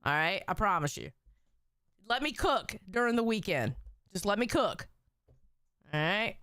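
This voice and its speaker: A woman's voice: medium pitch, lively intonation, a little slow, a bit bright, smooth, no echo, studio quality. A woman hosting a casual livestream, emotional and teary, joking and swearing as she chats with viewers. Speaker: livestream host.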